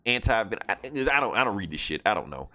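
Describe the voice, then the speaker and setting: A man's voice: lowish voice, big pitch swings, fast, bright, forceful tone. A man hosting a podcast who casually retells a story, rambling and swearing freely. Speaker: podcast host. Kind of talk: casual chat.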